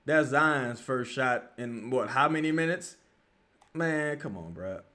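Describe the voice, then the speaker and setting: Young guy cursing at the game live, aave, voice jumping high and low, heated. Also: expressive, slow. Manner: profane, frustrated ranting with sudden loud outbursts. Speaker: streamer reacting to a live game. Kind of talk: live game reaction, watch-along.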